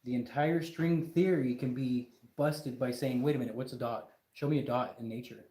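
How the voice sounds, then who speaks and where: A man's voice: medium pitch, steady tone, moderate pace, hardly any pauses, mellow, reverberant. A man hosting a casual livestream, talking in an emphatic, exasperated rant with lots of repetition. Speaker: livestream host.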